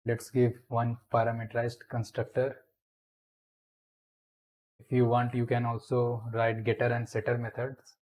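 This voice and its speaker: Slow-talking man teaching code. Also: mid-range voice, completely flat delivery, a little mellow, low-quality recording. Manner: slow, step-by-step explaining while typing. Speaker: programming tutor. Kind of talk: screencast coding tutorial.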